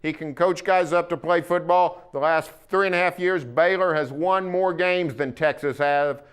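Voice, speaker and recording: A man with an Oklahoma accent co-hosting a casual sports talk show, folksy and opinionated, with plenty of pauses. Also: a little high, steady tone, clean tone. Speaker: sports columnist co-host.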